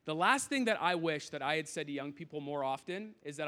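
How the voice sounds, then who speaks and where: A man's voice: fairly high pitch, lively intonation, a little fast, sharp tone. A youth pastor in his thirties giving a sermon in a tent, talking in an earnest, conversational way with frequent restarts and asides. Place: large tent used as an auditorium.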